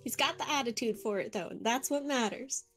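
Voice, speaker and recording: A woman's voice: a little high, brisk, a bit bright, soft background music. A woman playing a tabletop role-playing game, chatty and giggly, describing what her character does. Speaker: player.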